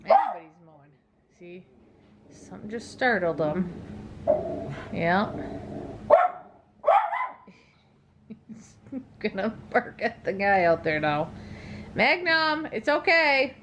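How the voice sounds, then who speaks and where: A woman's voice: lowish voice, slow pace, pauses often, very noisy. A middle-aged woman talking casually to her viewers, tired and yawning, chatty and rambling with many ums. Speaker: dog channel vlogger. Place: at home.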